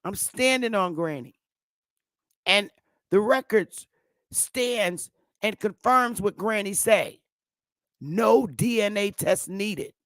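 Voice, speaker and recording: A woman hosting a live channel, swearing freely and firing back hard at her critics in a loud, casual rant. Her voice sits at an ordinary pitch for a woman. It is recorded close and dry, with no room sound around it. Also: slow, long pauses, dry recording. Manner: profane, combative, loud outbursts. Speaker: livestream host. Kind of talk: heated casual livestream rant.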